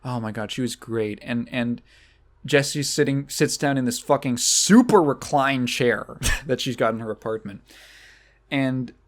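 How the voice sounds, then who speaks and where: Rambling, excitable man swearing casually. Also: mid-range voice. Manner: rambling and excitable, swears often, with many restarts and laughs. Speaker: podcast host. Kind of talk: casual podcast chat, retelling a film.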